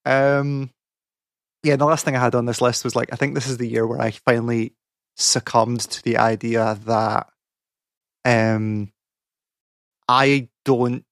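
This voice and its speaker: A man's voice: mid-range voice, vocal fry, fairly bright tone, no room sound, clean studio sound. A young man, a podcast co-host, rambling and ranting in exasperation with lots of fillers. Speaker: podcast co-host, game academic. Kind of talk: casual podcast chat.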